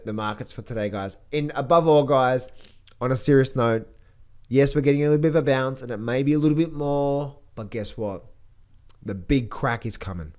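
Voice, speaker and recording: A man's voice: medium pitch, a little mellow, smooth. A man giving casual market commentary as a trading educator, blunt and rambling, with many repeated words.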